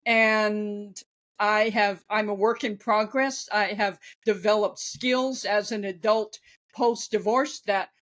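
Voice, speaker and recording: A woman's voice: mid-range voice, steady tone, takes it slowly, a bit bright. A woman in her fifties, a guest author, talking candidly in an interview with easy laughter. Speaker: guest, author and former ghostwriter. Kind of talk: conversational interview.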